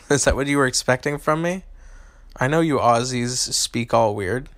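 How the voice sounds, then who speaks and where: A young man chats with his live-stream audience between rounds of a game. He talks in a relaxed, halting way, full of ums and small restarts. His voice sits at an everyday middle pitch and sounds close and dry, with no room around it. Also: no echo. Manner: hesitant, many ums and restarts. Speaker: game streamer answering chat. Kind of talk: casual live-stream chat.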